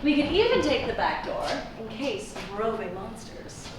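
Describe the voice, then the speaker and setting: A woman's voice: fairly high pitch, big pitch swings, moderate pace. A woman playing a young woman who giggles and teases her gloomy friend. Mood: amused. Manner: giggly, teasing. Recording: echoey room, distant mic, noisy.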